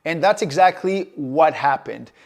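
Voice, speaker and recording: A man's voice: on the high side, animated, measured pace, gravelly. A man telling a personal story to camera, in an anxious, vivid way with fillers and repeated phrases. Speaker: vlogger.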